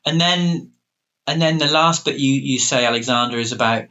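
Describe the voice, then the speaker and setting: A man's voice: medium pitch, normal speed, pushed and bright. A middle-aged man co-hosting a podcast, speaking in a thoughtful, hesitant way with many fillers. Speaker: podcast co-host, coach. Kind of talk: reflective podcast discussion. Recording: dull lo-fi sound.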